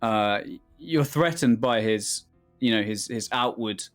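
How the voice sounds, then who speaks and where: A man with an English Midlands accent interviews in easy banter, his mid-range voice drifting off and circling back. Faint music plays quietly behind him. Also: medium pitch, unhurried. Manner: relaxed, banters, trails off and restarts. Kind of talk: casual interview chat.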